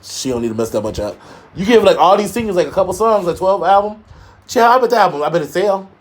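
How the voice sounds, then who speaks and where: A man's voice: lively intonation, fast. A man co-hosting a casual gossip talk show, sassy and emphatic, full of shade. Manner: sassy, shady, emphatic with big pitch jumps. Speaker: co-host.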